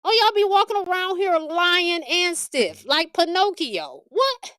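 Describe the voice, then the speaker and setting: High, lively-voiced blunt tarot reader woman. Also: a little slow, no room sound, clean studio sound. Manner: blunt, profane, animated ranting; frequent laughter. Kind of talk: livestream tarot reading.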